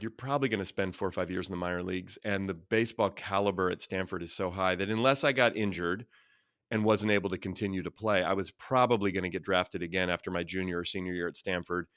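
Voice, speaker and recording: A man around fifty from Northern California, a former baseball player telling lively, earnest stories as a podcast guest. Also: deep voice, no room sound, studio quality. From Northern California, USA. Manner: lively anecdotal storyteller, quick and earnest. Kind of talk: casual interview storytelling.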